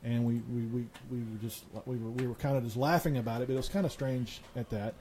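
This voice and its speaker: Halting man telling a ghost story. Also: mid-range voice, fairly even intonation, a crowd in the background, low-quality recording. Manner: halting, full of restarts and fillers. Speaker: guest.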